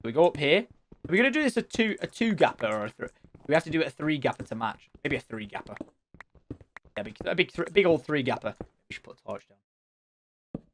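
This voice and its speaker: A man's voice: on the high side, very animated, brisk, pauses often, a little hiss or hum. A man giving casual, chatty gameplay commentary, talking straight to his viewers and teasing them playfully. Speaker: let's play gamer.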